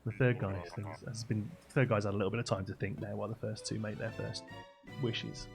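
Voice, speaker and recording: A man's voice: on the low side, level tone, brisk, gravelly, music in the background. A man telling a long, rambling joke in a chatty way while streaming a game.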